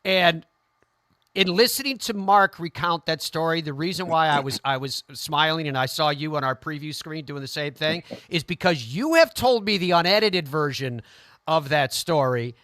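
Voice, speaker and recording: Male interview host, higher voice, chatty and eager. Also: lively intonation, moderate pace, bright, forceful tone, no room sound. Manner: enthusiastic, chatty questioner. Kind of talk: interview show hosting.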